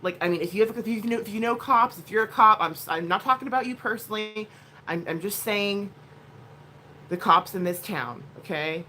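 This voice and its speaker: A woman's voice: medium pitch, brisk, sharp tone, slight background noise. A woman vlogging at home, telling a rambling story in a blunt, casual way with plenty of swearing. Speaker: vlogger, mother.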